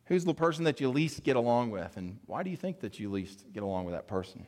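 A man's voice: mid-range voice, sing-song, a little mellow, in a large hall. Earnest man preaching to fathers. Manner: earnest, emotional, pauses to compose himself; addresses listeners directly. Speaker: pastor. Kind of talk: sermon to fathers.

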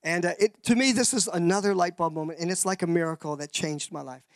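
A man telling his life story as a sermon, his voice high and gravelly. He rambles with many restarts and slips into voices for the people he quotes. The sound is close and dry. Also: fast, no echo. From Canada. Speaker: speaker giving a testimony.

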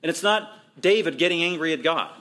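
Male pastor, fairly high voice, emphatic repetitive sermon delivery. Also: lively intonation, pushed and bright. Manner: emphatic, repetitive preaching with quick asides.

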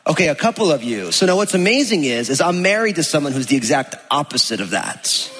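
Chatty pastor, husky voice, long hall reverb. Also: male voice, fairly high pitch, big pitch swings, quick pace, a bit bright. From New Jersey. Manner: chatty storytelling, acts out quotes. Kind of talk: sermon.

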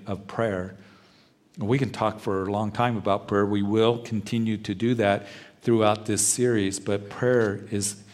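A man preaching a sermon, earnest and emphatic, who leans on repeated phrases and slows down to stress a point. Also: fairly low pitch, a little mellow. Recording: long reverb of a large hall.

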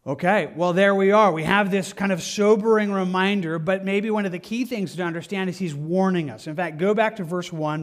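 A man preaching a Sunday sermon with a high-pitched voice. He talks with the congregation in an earnest, conversational way and acts out the lines he quotes. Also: brisk, few pauses. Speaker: pastor.

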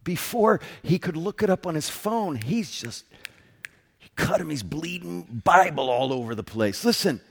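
A man preaching a sermon in a conversational, emphatic way, swinging between loud and hushed and often checking in with "right?". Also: fairly high pitch, animated, a little slow, creaky, slightly rough. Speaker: pastor.

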